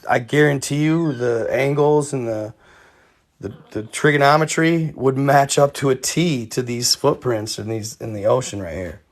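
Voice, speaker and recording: A man hosting a casual livestream, rambling with many fillers and talking straight to his viewers. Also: medium pitch. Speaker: livestream host.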